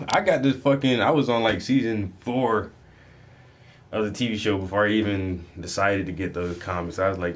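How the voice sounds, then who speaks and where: A man with a lowish voice and a moderate pace livestreams while painting, talking casually from a home room lit by fluorescent lights. He's a laid-back painting vlogger with a drawl, cussing freely, using relaxed slang and laughing often. There's slight background noise.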